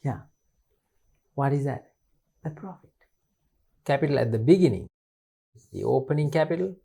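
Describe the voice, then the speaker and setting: A man's voice: medium pitch, expressive, normal speed, creaky, mellow, breathy edge. Repetitive Sri male teacher. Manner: repetitive, asks and answers his own questions. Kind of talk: recorded exam-paper lesson.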